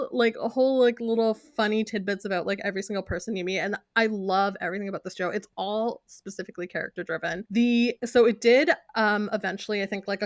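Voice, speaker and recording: A woman's voice: medium pitch, dry recording, clean studio sound. A woman chatting casually about a show she loves, filling her sentences with "like" and laughing often. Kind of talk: casual chat.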